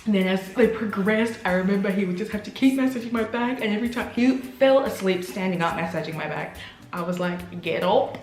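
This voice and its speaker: A young woman with a medium-pitched voice tells her own birth story briskly in a candid vlog. She's animated, laughing as she acts out what she said, and the recording has a roomy echo.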